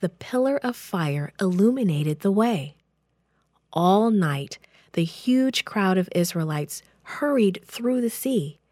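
A woman tells a children's Bible story in a gentle, expressive read-aloud manner. She takes her time and lets each phrase land slowly. The sound is dry and close to the mic. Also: medium pitch, dry recording.

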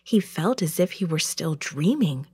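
Slow, expressive woman reading a storybook. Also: deep voice, slightly rough, no room sound, clean studio sound. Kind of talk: children's storybook narration.

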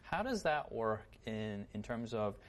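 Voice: mid-range voice, very animated, unhurried, over a noisy crowd. A discussion leader in a casual group Bible discussion who often affirms the others and asks probing questions.

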